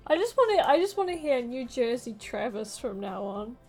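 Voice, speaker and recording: A woman's voice: a little high, sing-song, normal speed, music in the background. A woman chatting casually as a guest on a live stream, playful and teasing. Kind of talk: casual chat.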